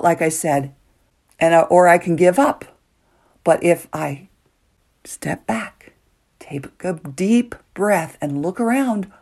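A woman hosting a solo motivational podcast, earnest and emotional, moving between soft hushed lines and excited bursts. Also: mid-range voice. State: nervous, emotional. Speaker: podcast host.

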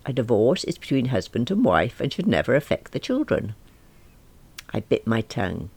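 A woman's voice: very deep voice, sing-song, normal speed, darkish tone, breathy edge, no echo. A middle-aged woman narrating a comic diary novel in a wry, self-mocking manner. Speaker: audiobook narrator.

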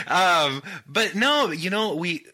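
Male podcast host, relaxed chatty manner, very bright voice. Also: sits high. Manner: relaxed, friendly, many fillers like "like" and "um". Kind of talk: casual podcast conversation.

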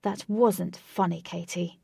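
A woman's voice: medium pitch, animated, moderate pace, creaky, a little mellow, breathy edge, dry recording, clean studio sound. A woman voicing a teasing young man who jokes with his friends in a storybook reading. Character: teasing young male leader with a pet cat.

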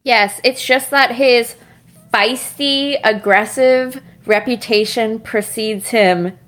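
A woman co-hosting a casual chat podcast, with a voice a little higher than most. She talks quickly, jokes and laughs often. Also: a bit bright. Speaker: podcast co-host. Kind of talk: casual chat about motor racing.

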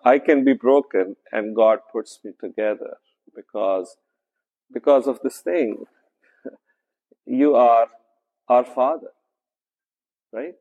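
This mid-range male voice comes through phone-quality sound with a long reverb tail from a church sanctuary. Preaching as pastor, he's conversational, slow and deliberate, leaning on fillers and asking "right?" often.

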